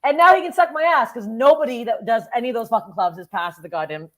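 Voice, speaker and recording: Here a thirtysomething Canadian comedian talks at a quick pace in a fairly high voice. As a podcast guest, she's telling casual stories with blunt, foul-mouthed animation.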